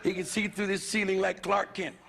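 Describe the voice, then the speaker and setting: A man's voice: high voice, level tone, fairly quick, gravelly, crowd noise. An American man doing a live stand-up routine in a comedy club, brash, profane and swaggering in his delivery. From United States. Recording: noisy 1970s live concert recording.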